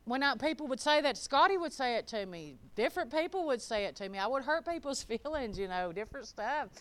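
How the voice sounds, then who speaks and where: A middle-aged woman preaching a sermon in a folksy, emphatic way, swinging from loud declarations to quiet, chuckling asides. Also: sits high, expressive, a little fast.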